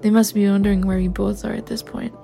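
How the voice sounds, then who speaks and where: A young woman acting out a caring partner in an audio role-play, talking gently and reassuringly with light teasing. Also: mid-range voice, little pitch movement, quick pace, creaky, soft background music, lightly acted. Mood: gentle.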